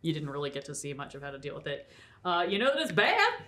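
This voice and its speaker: A woman's voice: sits low, wildly swooping pitch, bright, forceful tone, slight background noise. Woman game master narrating casually. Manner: casual, laughing, drawn-out descriptions with fillers.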